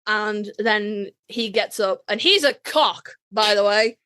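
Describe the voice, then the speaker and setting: Over online voice chat, a woman co-hosting a podcast speaks in a medium pitch at a slow pace, her voice pushed and bright. She casually recaps a TV episode, swearing freely and acting out the characters' lines.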